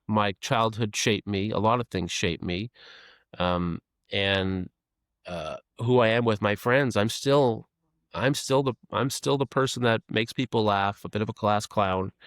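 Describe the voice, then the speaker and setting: A middle-aged man speaking as a podcast guest, candid and self-deprecating, talking haltingly with many fillers and restarts. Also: fairly low pitch, fairly bright tone, no room sound, studio quality. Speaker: podcast guest, advertising creative leader. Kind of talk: candid conversational interview.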